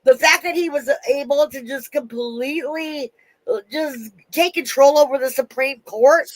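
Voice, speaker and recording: A woman's voice: high-pitched, low-quality recording. A woman ranting angrily in casual talk, swearing heavily and breaking off and restarting her sentences. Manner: fast restarts and trailing-off sentences. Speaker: vlogger. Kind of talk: angry casual rant.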